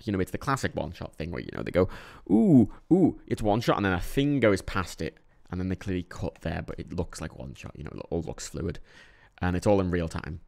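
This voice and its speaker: A man's voice: low voice, vocal fry. Rambling, sweary man reviewing films. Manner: rambling, swears often, animated bursts. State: a bit tired. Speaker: film reviewer. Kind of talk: casual monthly movie review vlog.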